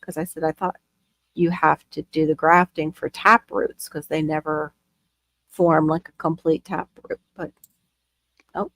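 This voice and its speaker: A woman hosting a casual chat, talkative and quick to gasp. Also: low voice, fairly even intonation, a bit bright, dry recording. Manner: chatty, gardening talk, quick gasps. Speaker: host.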